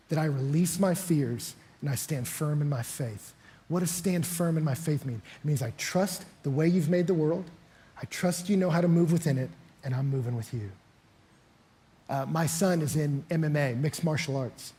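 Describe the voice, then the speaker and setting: Middle-aged male pastor, preaches with animated storytelling, raised and slightly breathy voice. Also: on the high side. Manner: animated storytelling, acting out voices with big swings in loudness. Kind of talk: sermon.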